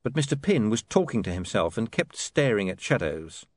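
A man narrating an audiobook in a dry, measured way. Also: lowish voice, very animated, a little mellow.

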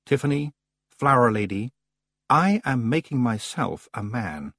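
A man voicing a faint, whispering male winter spirit, speaking slowly and eerily. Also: mid-range voice, big pitch swings, a bit bright, dry recording, clean studio sound, exaggerated voice. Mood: eerie coaxing.

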